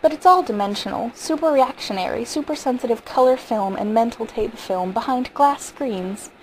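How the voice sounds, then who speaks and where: A woman reading as a calm, reassuring husband. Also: a little high, normal speed, a little hiss or hum, close to an everyday voice, rough recording. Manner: calm, reassuring, gently teasing. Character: weary amused husband, a man in his prime. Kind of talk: audiobook reading.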